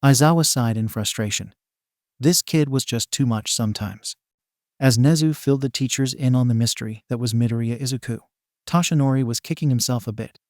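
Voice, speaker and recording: A man narrating a fan fiction story in an even, unhurried way. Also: mid-range voice, dry recording, studio quality.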